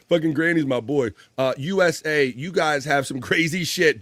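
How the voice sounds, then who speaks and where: A man hosts a casual livestream, reading viewer comments out loud, laughing a lot and swearing offhandedly. His voice is on the high side and a little slow, with music playing in the background.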